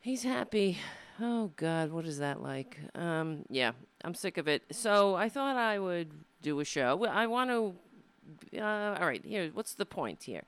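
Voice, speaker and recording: A woman's voice: fairly low pitch, sing-song, a little slow, few pauses, a bit bright, clear, resonant tone. A woman comedian from hosting her own show, talking in a rambling, profane, sardonic way into a desk microphone. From Brooklyn, USA. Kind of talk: casual live-stream monologue.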